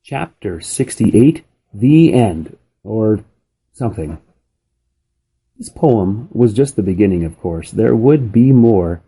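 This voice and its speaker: A man reading a children's novel aloud in a steady, unhurried storybook manner. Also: lowish voice, a little hiss or hum. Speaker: reader.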